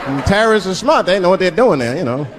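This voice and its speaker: A man performing a stand-up comedy set on a live stage, telling stories in an animated way and slipping in and out of voices. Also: sits high, fast talker. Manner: animated storytelling, swinging between voices. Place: live stage before an audience. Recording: live stage with crowd noise. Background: audience laughter.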